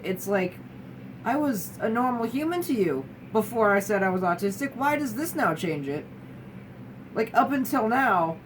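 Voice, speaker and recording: A young woman, a guest sharing her experience, chats casually and candidly in a talking-head format with a wry manner, often restarting and mimicking other people mid-sentence. Her voice is medium in pitch. The low-quality recording has a distant mic, so she sounds a bit off-mic with clear room noise.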